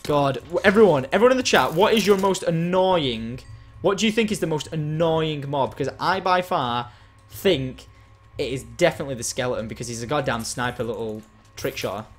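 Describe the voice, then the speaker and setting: A man giving excitable live gameplay commentary as a game streamer, chatting with and thanking his viewers. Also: a little high, brisk, few pauses, faint music behind.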